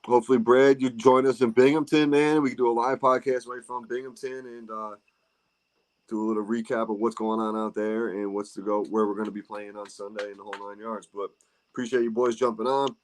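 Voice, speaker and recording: A man's voice: medium pitch, level tone, a little fast. A man hosting a casual golf podcast, talking loosely with friends, swearing and laughing. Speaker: podcast host. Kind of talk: casual chat.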